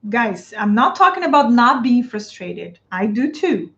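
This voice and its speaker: A woman's voice: on the high side, big pitch swings, unhurried. A woman from Brazil with a Brazilian Portuguese accent, coaching English teachers in a live stream. She answers viewer comments, talks straight to the audience and repeats her phrases. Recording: dull lo-fi stream audio.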